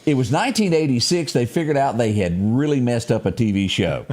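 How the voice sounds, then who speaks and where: A man in his fifties hosts a casual talk show in a joking, folksy manner. His pitch swings widely as he riffs on old movies and TV. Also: expressive, a little fast, a little mellow. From Mississippi. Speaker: host. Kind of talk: casual radio chat.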